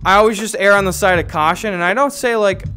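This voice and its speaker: High-voiced, profane male streamer. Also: fast talker, clear, resonant tone, soft background music. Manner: loud, profane and jokey. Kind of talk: casual livestream chat.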